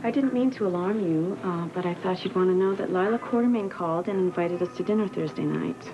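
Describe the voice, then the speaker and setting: A gentle young wife , played by a woman, talks softly and hesitantly, eager to please. The recording is dull and lo-fi, with clear music underneath from a 1980s soap opera. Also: lowish voice, fairly quick, close to an everyday voice. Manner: soft, hesitant, apologetic.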